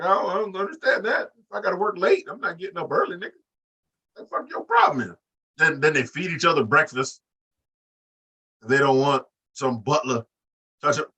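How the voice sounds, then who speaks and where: A man's voice: medium pitch, bright, forceful tone, husky, recorded from a distance. A man co-hosting a casual wrestling podcast who talks in a profane, mocking way and does voices when he retells scenes. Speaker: podcast co-host.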